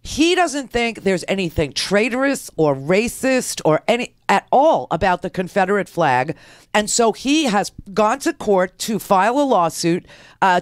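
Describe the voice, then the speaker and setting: A woman's voice: medium pitch, no echo. Female talk radio host, sarcastic political commentary, dry close sound. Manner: indignant, sarcastic.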